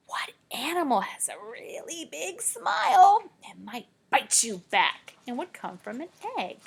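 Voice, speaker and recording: Teacher lady reading a picture book to kids, high voice that swings all over, gasps a lot, whispers her questions. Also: gravelly. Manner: playful and animated, with dramatic gasps and guessing pauses; drops to whispers when asking questions.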